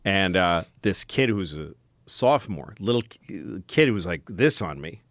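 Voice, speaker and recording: A man's voice: low-pitched, animated, unhurried, fairly bright tone, no echo. A man co-hosting a podcast, telling rambling school stories in casual chat and laughing often, recorded on a studio mic. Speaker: podcast co-host.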